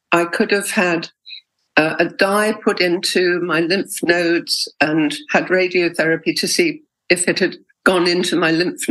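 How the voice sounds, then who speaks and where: A woman's voice: lowish voice, a bit bright, poor audio. A middle-aged woman, telling her own story in an interview, candid and emotional, with hesitations. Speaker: interviewee, patient. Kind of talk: personal interview.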